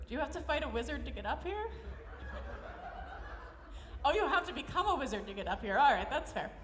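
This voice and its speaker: A woman's voice: sits high, very animated, a little fast, fairly bright tone. A woman hosting a live variety show on a convention stage, bubbly and laughing as she teases the guests. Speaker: show host. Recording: echoey hall with crowd noise.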